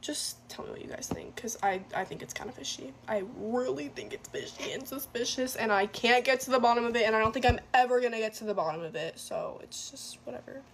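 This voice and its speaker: A woman's voice: on the high side, brisk, hardly any pauses, a little hiss or hum. A young woman telling a storytime to camera, rambling and unsure, full of "like". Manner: rambling, unsure, heavy use of "like".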